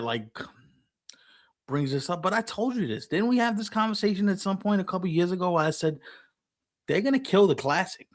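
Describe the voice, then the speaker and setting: Animated man co-hosting a sports chat. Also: high-pitched. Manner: animated, acts out quoted people. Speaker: podcast co-host.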